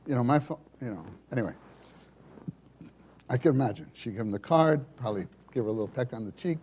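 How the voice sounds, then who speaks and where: A man telling a personal story at a church meeting, animated and acting out the people in it. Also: medium pitch, fast talker, slight background noise. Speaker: speaker sharing a testimony at a church meeting.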